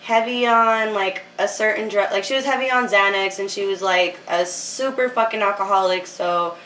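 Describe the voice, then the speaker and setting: Chatty young woman, bright and roomy. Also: medium pitch, moderate pace, far from the mic, slight background noise. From Utah. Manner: animated, laughs often, heavy filler words. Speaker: guest. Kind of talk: casual storytelling interview.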